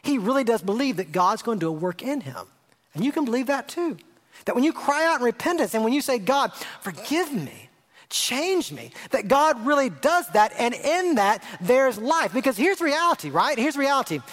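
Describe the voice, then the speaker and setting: A middle-aged man preaching a sermon as a pastor, earnest and emphatic, repeating phrases and dropping his voice low for effect. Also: expressive, fairly quick, fairly bright tone.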